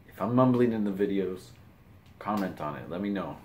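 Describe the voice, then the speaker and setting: A man's voice: low-pitched, animated, moderate pace, a little mellow. A man from the US Pacific Northwest rambling casually to camera as a vlogger, restarting phrases and poking fun at himself, with slightly mumbled words.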